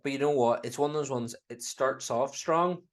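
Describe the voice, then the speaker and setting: A man's voice: medium pitch, moderate pace. A Northern Irish man co-hosting a podcast in casual chat, animatedly retelling scenes, dipping into character voices and laughing often. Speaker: podcast co-host.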